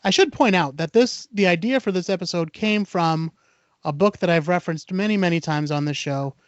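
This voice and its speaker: A man's voice: high voice, brisk, no room sound, muffled recording. A man hosting a podcast, retelling an urban legend casually with lots of fillers and acted-out dialogue. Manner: animated retelling, acts out dialogue, many fillers. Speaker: podcast host.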